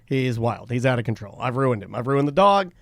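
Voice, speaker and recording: A man's voice: mid-range voice, sing-song, fairly quick, no echo, studio quality. A man co-hosting a podcast, chatting casually and telling rambling, self-deprecating stories. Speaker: podcast co-host. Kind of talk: casual chat. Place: studio.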